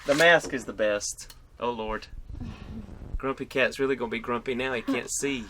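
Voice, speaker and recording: A man's voice: mid-range voice, moderate pace, sharp tone, slight background noise. A middle-aged man and father hosting a casual family toy review, playful and laughing often.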